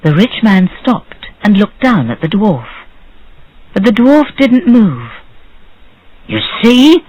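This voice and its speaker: Slow lively woman storyteller. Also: muffled recording. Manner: slow, clear, simple sentences with lively pitch. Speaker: storyteller for English learners. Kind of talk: scripted story narration.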